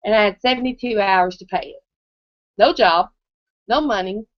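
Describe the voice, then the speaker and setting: With a mid-range voice and a moderate pace, a thirtysomething woman gives a live motivational testimony, telling her story conversationally and regularly checking in with the audience. The recording is dull and muffled, dry with no echo.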